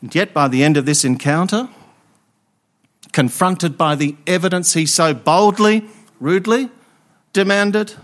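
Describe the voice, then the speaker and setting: A man delivers an Easter Sunday sermon in a high, bright-toned voice. He preaches emphatically, leaning on pauses and rhetorical questions to draw in his listeners.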